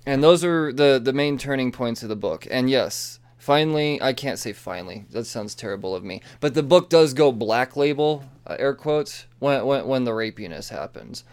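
Guy ranting about comics, swears a lot, goes off on tangents, smooth clear voice. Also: mid-range voice, moderate pace, hardly any pauses. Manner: excitable, profane, rambling with frequent asides. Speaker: comic book reviewer. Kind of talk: casual profane comic review.

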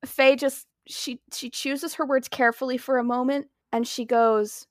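A playful woman at a tabletop game, giggly and casual. Her voice sits a bit high, recorded close and dry. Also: steady tone, normal speed, few pauses, dry recording. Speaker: player.

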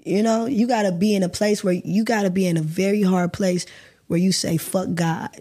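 A woman's voice: mid-range voice, fairly even intonation, a little fast, warm tone. A woman guest on a podcast, telling a personal story candidly and emotionally, with some swearing. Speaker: guest actor.

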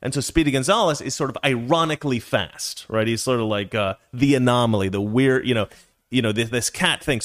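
A man's voice: medium pitch, a little fast, fairly bright tone. A man telling a long personal story in a casual, rambling way, with frequent restarts and asides.

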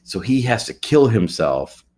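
A man co-hosting a comedy podcast, pitching absurd movie ideas in a deadpan way. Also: unhurried. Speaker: podcast co-host.

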